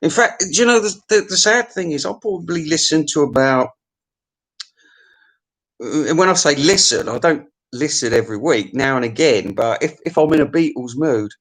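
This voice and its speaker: A man's voice: on the high side, expressive, normal speed, fairly bright tone. A man, hosting a music countdown in a rambling, opinionated comic monologue full of swearing, restarts and stammers.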